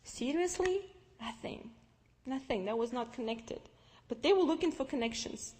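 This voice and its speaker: A young woman with a Russian accent, Russian-speaking by birth, telling her personal faith story to an audience in a lively, storytelling way. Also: high-pitched, normal speed. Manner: lively storytelling with restarts and acted-out dialogue. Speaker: speaker giving testimony. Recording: long reverb from a large hall.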